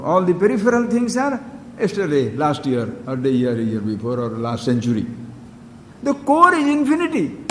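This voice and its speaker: A man giving a spiritual discourse as a teacher, speaking emphatically and putting questions straight to his listeners. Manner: emphatic, questions listeners directly, wide swings in pitch and loudness. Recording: long hall reverb with faint background hiss.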